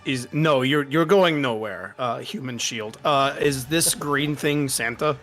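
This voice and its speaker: A man's voice: mid-range voice, measured pace, a bit bright, faint music behind. A man playing a tabletop game, helpfully explaining rules to another player. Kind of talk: casual tabletop play.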